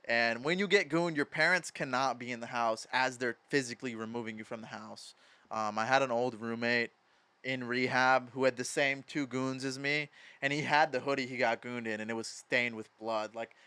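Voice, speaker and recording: A young man in his twenties from Madison, Wisconsin, appears as a podcast guest telling casual stories. His speech is animated, profane and packed with "like" and other fillers. His mid-range voice is smooth and moves at normal speed.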